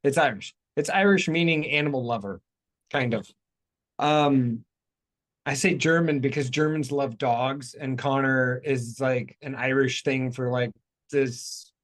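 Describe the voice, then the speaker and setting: Male host, casual and rambling, explains with lively jumps in pitch. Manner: rambling, self-correcting, animated explainer. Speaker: show host. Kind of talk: casual talk show chat.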